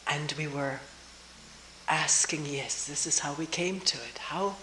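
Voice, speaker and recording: An older woman from Germany, giving a slow, thoughtful talk at a retreat with pauses and soft laughs. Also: low-pitched. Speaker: retreat teacher. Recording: roomy old tape with hiss.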